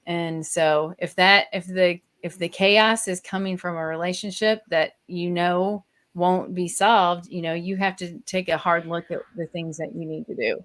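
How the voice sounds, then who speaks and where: A woman's voice: lowish voice, steady tone, measured pace, hardly any pauses, a bit bright. A woman co-hosting a casual podcast at home, reflective and full of "you know" fillers. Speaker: podcast co-host. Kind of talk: casual chat. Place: at home with a toddler nearby.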